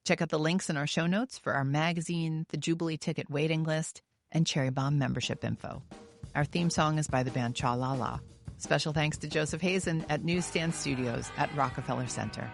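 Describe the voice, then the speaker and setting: A woman's voice: low voice, a little fast, vocal fry, soft background music. A woman from Staten Island with a New York accent, hosting a podcast interview in a chatty, enthusiastic manner. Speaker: podcast host. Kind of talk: casual interview chat. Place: recording studio.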